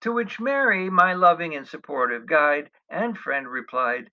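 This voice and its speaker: A man's voice: fairly high pitch, expressive, measured pace. A middle-aged man telling a funny travel story about himself, wry and self-mocking, with chuckling asides. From United States. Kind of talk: humorous personal travel storytelling. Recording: dull lo-fi recording.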